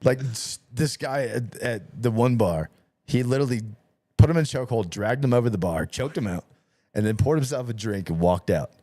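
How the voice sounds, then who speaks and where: A man's voice: mid-range voice, animated, normal speed, dark tone, dry recording. A man hosting a podcast in casual chat, telling stories with lots of swearing and acting out both sides of each exchange. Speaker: podcast host.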